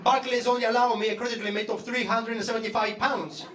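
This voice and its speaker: A young Greek-accented man doing stand-up, his voice pitched high for a man, heard in a roomy club from some distance off. He talks with sardonic, profane mock outrage. An audience hum sits behind him. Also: level tone, fast. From Greece. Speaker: stand-up comedian. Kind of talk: stand-up comedy set. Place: comedy club stage. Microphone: stage microphone. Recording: roomy club sound from the audience, with crowd laughter. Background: audience ambience and laughter.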